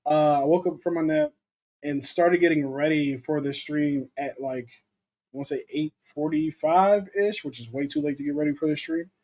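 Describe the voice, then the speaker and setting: A man's voice: fairly high pitch, very animated, normal speed, a little mellow. A young man co-hosting a casual livestream about movies, chatting loosely and reading viewer comments aloud. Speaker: co-host of a movie talk livestream.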